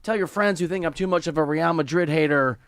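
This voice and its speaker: A man co-hosting a sports talk radio show, bantering excitedly and breaking into high-pitched exclamations. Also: quick pace, clean tone, dry recording, clean studio sound. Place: radio studio. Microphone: studio microphone.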